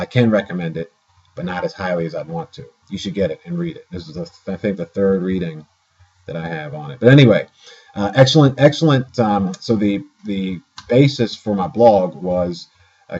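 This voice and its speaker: A man with a low, husky voice and a mellow, dark tone chats to his camera in a rambling vlog. He corrects himself often and fills pauses with "uh". The sound is dull and lo-fi, like a built-in camera mic in a dim room. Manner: rambling, self-correcting, many fillers. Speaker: vlogger. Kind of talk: casual to-camera talk.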